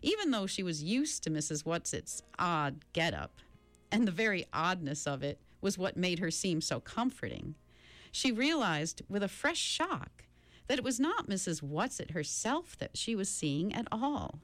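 A woman reading a novel aloud slowly and expressively. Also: on the low side, no echo, faint music behind. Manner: slow, expressive storybook reading. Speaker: reader.

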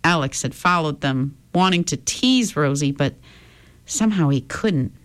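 A woman reading a children's story aloud with expressive intonation. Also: low voice, a little slow.

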